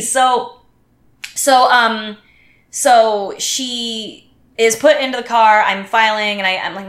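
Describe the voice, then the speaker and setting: A woman's voice: a little high, normal speed, reverberant. A woman telling a long story as a podcast guest, acting out the people she quotes and restarting her sentences often. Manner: animated, acts out quotes, many restarts. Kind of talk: casual storytelling chat.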